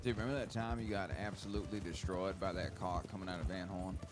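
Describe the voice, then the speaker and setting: A man's voice: low-pitched, fairly even intonation, fast talker, music in the background. A man playing a western roleplay game, telling laid-back, rambling anecdotes and teasing his partner. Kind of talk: casual storytelling between players.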